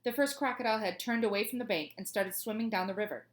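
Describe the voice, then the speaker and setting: A woman's voice: medium pitch, fast talker. A woman, a teacher, reading a children's book aloud in a cheerful, chatty way.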